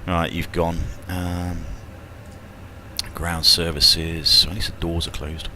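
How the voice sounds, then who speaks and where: A low-pitched British man, an airline pilot streaming a flight simulator, jokes casually over voice chat as he runs checklists aloud, swearing mildly now and then. His British English delivery is unhurried with little pitch movement, and the background is noisy.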